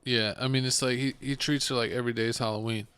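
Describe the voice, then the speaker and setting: A man hosting a podcast in casual chat, retelling events in an animated, joking way. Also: mid-range voice, fast, clear, resonant tone. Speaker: podcast host.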